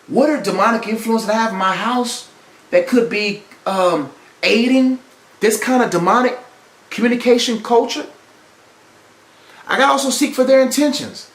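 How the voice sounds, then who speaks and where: A man with a high, very lively voice preaches relationship advice on his podcast, repeating his points with emphasis. The sound is roomy and echoey. He talks like a preacher at a pulpit. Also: moderate pace. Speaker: podcast host. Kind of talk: preachy motivational relationship talk.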